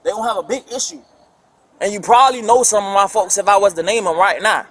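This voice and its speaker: A man's voice: high voice, a bit bright. A young man, telling police his side of a fight on bodycam, rambling and restarting often. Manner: rambling, halting, many restarts. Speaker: complainant talking to police. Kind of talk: bodycam conversation. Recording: bodycam audio with crowd noise.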